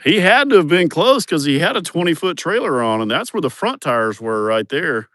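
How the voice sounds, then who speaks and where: A man's voice: fairly high pitch, sing-song, normal speed, fairly bright tone, no room sound, clean studio sound. A man, giving a crude, joking, rambling livestream tour of his farm, outdoors on a phone camera. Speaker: vlogger showing his farm. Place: outdoors on rural farmland.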